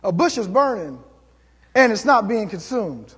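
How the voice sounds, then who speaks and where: Animated husky male preacher in a hall. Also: sits high, measured pace. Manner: animated storytelling, acts out voices. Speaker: pastor. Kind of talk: sermon.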